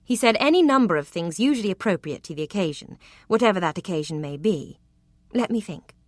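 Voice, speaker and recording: In the role of an arch, coquettish Regency young lady, a woman teases expressively and speaks a little fast, her mid-range voice close to an everyday one. The sound is dry and close, with no room around it.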